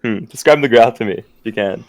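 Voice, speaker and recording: A man's voice: mid-range voice, quick pace. A man playing in a tabletop game over voice chat, talking hesitantly with many fillers as he plans his moves. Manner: hesitant, full of um and like. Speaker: player. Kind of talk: casual game talk.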